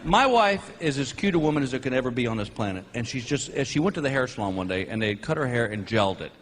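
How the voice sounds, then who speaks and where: A middle-aged man doing a stand-up comedy set, telling stories with loud whooping outbursts. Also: mid-range voice, big pitch swings, quick pace. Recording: live show with audience noise.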